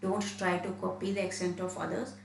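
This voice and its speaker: A woman's voice: on the low side, level tone, a little fast, vocal fry, reverberant, slight background noise, low-quality recording. A woman from India, an IELTS trainer, giving an online lesson and often restarting and repeating phrases as she explains.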